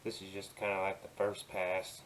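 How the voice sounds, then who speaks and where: A man narrating his digital painting tutorial in a soft, easygoing way, often dropping to a murmur and adding playful asides. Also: deep voice, little pitch movement, moderate pace, a little hiss or hum, rough recording. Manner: playful asides while working. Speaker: digital artist.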